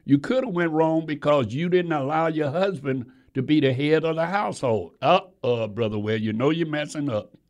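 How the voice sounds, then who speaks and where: A man with a high voice preaches in a folksy, rhythmic way. He calls out to the congregation by name and swings between loud, climbing lines and quiet, hushed ones. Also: normal speed, highs cut off. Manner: rhythmic preaching with sudden rises and drops in pitch and volume. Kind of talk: sermon.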